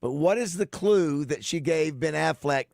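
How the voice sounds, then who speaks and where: A man hosting a casual radio show, halting and repeating words as he talks. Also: fairly high pitch, expressive, vocal fry, a little mellow, no room sound, clean studio sound. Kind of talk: casual sports radio banter. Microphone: studio microphone.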